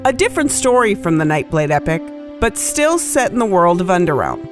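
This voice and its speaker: A woman's voice: lowish voice, big pitch swings, fairly quick. A woman hosting a podcast, reading an upbeat scripted intro. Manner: upbeat, announcing. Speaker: podcast host. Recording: music bed behind voice. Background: music.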